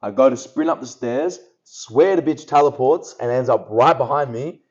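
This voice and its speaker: A man's voice: medium pitch, normal speed. A young Australian man co-hosting a podcast, brash and casual, swearing and calling his friend bro. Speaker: podcast co-host. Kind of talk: casual chat. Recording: dull lo-fi podcast audio.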